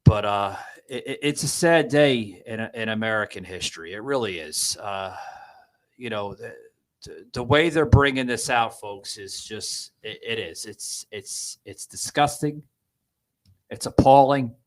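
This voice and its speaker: A man hosting a political podcast, talking in a halting, upset way with many fillers and restarts. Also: on the low side, a bit bright, poor audio. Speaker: podcast host.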